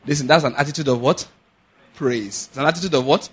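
A man preaching a sermon, animated, acting out little dialogues and slowing to a measured chant on scripture. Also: medium pitch, slightly rough. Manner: animated, acts out little dialogues and laughs often. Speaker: pastor.

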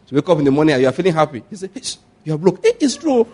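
A man in his forties preaches with animated stories. He breaks into laughter often and throws questions back at the congregation. His voice sits a little higher than most men's. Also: rapid-fire, hardly any pauses. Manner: animated storytelling with call-and-response questions. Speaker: pastor. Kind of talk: sermon.

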